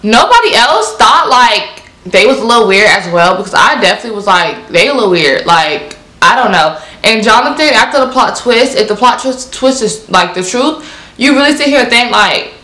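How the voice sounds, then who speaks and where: A young woman, casually reviewing books in an animated, repetitive way. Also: fairly high pitch, normal speed, roomy sound. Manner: animated, repeats herself, lots of "like". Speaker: book reviewer. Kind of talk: casual book review vlog.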